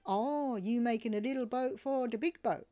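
Amused island men calling out and ribbing the workers, pitched up and a little louder, as a woman puts them on while reading. The delivery is loose and playful. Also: normal speed, no room sound, soft background music, lightly acted. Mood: teasing. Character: teasing, smiling male island locals.

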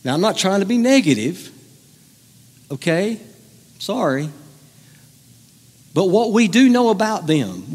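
A male pastor preaches a sermon in a loose, conversational way, teasing and joking with his congregation. His voice sits a bit high, and his words carry a long reverb through a large church hall. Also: slightly rough.

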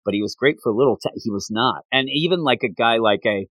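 A man hosting a casual chat recapping an anime, talking in a rambling, animated way and laughing often. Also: mid-range voice, fast, no room sound, poor audio.

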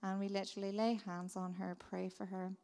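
A woman's voice: mid-range voice, level tone, brisk, gravelly, darkish tone. A woman giving an earnest, heartfelt testimony about her missionary work, telling it as a story. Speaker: missionary speaker. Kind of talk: testimony talk. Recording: reverberant hall.

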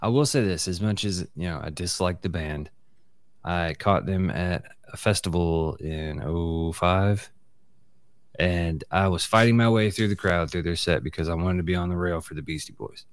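Low-voiced guy ranting about bands, cussing, dry room sound. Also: normal speed, clean tone, dry recording. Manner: profane, blunt, emphatic. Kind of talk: casual chat.

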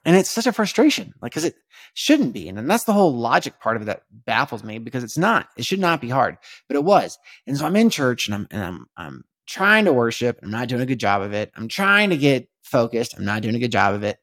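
A young man talking through a personal story in a loose, upbeat, rambling way, leaning on slang and fillers. His voice sits at an ordinary middle pitch. The sound is close and very dry, with no room around it. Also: very animated, fairly quick, fairly bright tone, no room sound. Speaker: podcast host. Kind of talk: casual spoken testimony.

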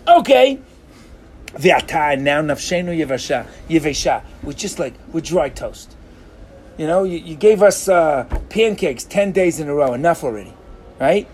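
A man teaches a Torah class with real animation, his fairly high voice leaping up and down as he acts out the people in the text. He slips Hebrew phrases into his talk, and a faint hum of room noise sits behind him. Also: lively intonation, moderate pace, darkish tone.

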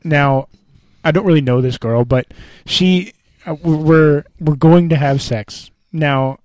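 A man's voice: on the high side, takes it slowly, darkish tone, no room sound. A young man co-hosting a podcast, telling a story animatedly in casual chat, swearing and acting out his own lines. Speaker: podcast co-host.

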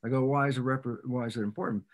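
A man speaking as a guest scientist on a podcast, an animated storyteller who repeats phrases for emphasis and acts out little exchanges. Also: medium pitch, very fast. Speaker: podcast guest, cell biologist. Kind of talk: explanatory interview talk.

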